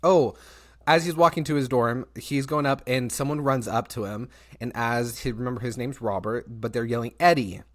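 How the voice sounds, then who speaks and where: A young man hosting a podcast tells a story in casual chat, speaking at normal speed in a mid-range voice. He's animated, laughs often, and swears freely.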